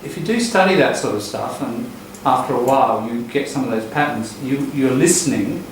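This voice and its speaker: A man teaching an English class, explaining pronunciation patterns in a relaxed way and repeating phrases to model them. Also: mid-range voice, brisk, slight background noise. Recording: echoey classroom recorded from a distance.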